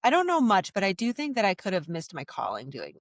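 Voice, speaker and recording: A woman's voice: medium pitch, huge pitch swings, quick pace. A young adult woman co-hosting a podcast, chatting in a bubbly, rambling way that trails off mid-thought. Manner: bubbly, rambling, trails off, laughs while talking. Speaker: podcast co-host. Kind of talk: casual chat.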